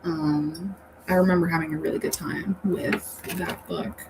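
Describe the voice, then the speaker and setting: Slow-talking, chatty woman streamer. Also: fairly low pitch, steady tone, music in the background, poor audio. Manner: chatty, rambling, laughs often. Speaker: livestream host reading chat. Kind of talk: casual livestream chat. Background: faint fan hum.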